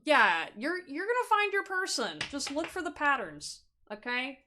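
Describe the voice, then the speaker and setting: Excitable young woman reading tarot. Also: sits high, moderate pace, a little hiss or hum. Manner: excitable, chatty, bursts of loud laughter. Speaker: tarot reader. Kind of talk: casual pick-a-card tarot reading.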